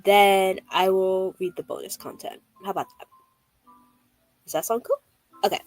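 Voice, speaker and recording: A woman's voice: medium pitch, fairly even intonation, normal speed, a little mellow, soft background music. A young woman streaming a game, chatting casually and gushing, with frequent swearing. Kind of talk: casual live-stream chat while reading a game aloud.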